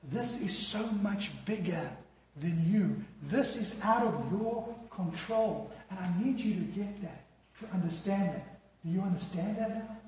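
A man voicing a calm, loving male teacher who speaks softly and earnestly, in an echoey hall. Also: sits high, a little slow, recorded from a distance, slight background noise. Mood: tender.

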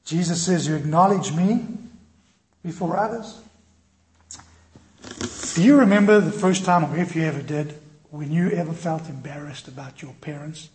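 A man preaching a sermon with impassioned storytelling, swinging from loud to quiet. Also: a little high, a little fast. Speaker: pastor. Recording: echoey room with faint noise.

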